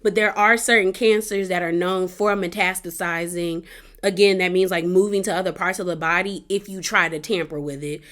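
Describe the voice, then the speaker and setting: A woman's voice: on the low side, steady tone, moderate pace, a bit bright. Woman vlogger, casual recap delivery, rambling with fillers and restarts, open and personal. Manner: heartfelt, personal asides.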